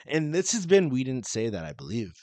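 A young man co-hosting a podcast who tells stories in an animated, profane way during casual chat. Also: medium pitch, a little fast, no echo. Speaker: podcast co-host.

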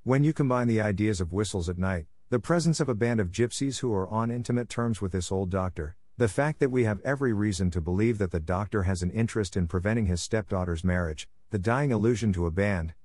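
A man's voice: on the low side, brisk, few pauses, a little mellow, no room sound, close to an everyday voice. A man doing an unruffled, dryly ironic detective. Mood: calm. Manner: bland, unruffled.

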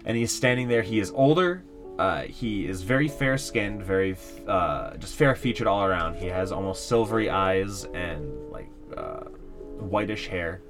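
A man's voice: low voice, expressive, normal speed, music in the background. A man narrating as game master in a casual, rambling way with lots of fillers.

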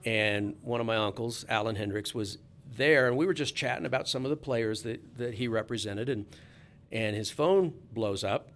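A man's voice: mid-range voice, moderate pace, a bit bright. Chatty man telling a sports story. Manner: chatty storyteller with frequent restarts. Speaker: sports reporter. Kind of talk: casual anecdote telling.

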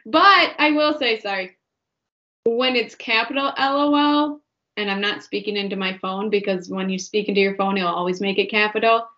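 A woman's voice: mid-range voice, normal speed, sharp tone. A woman in her twenties hosting a podcast, chatty and giggly, saying "like" often. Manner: giggly, chatty, says "like" a lot. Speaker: podcast host. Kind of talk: casual chat. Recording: dull lo-fi podcast audio.

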